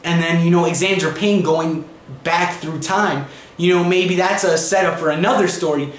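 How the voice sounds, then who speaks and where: High-voiced young man, echoey room. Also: fairly even intonation, normal speed. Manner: chatty, filler-heavy retelling. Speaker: comic book reviewer. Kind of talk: casual video review.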